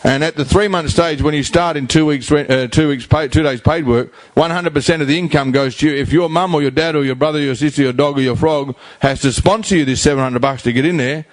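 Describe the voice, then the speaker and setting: This is blunt public talk from a middle-aged Australian man, a rehab house founder addressing a community forum; he is emphatic and colloquial, repeating points for effect in plain slang. His voice is a little high and quick, with few pauses, on a dry recording.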